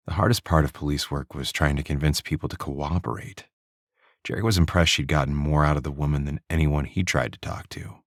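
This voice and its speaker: A man narrates a thriller audiobook in a steady, measured storytelling voice. His pitch sits extremely low, and the close studio mic gives a dead, dry sound with no room around it. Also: no room sound.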